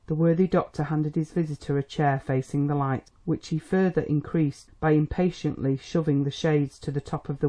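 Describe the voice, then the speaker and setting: A narrator reads a period novel aloud. The storytelling is measured and steady. The tone is mellow and soft-edged. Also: medium pitch. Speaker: audiobook narrator. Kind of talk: scripted narration.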